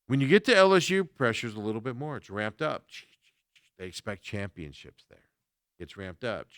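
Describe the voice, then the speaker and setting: A man's voice: medium pitch, big pitch swings, moderate pace, a bit bright, no room sound, clean studio sound. Chatty male sports show host. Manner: chatty, conversational, lots of fillers. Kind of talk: casual sports talk commentary.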